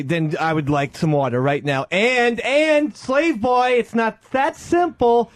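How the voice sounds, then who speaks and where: A man's voice: a little high, no echo. A man and radio show regular, cocky and playful in casual on-air banter. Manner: cocky, playful, laughs often.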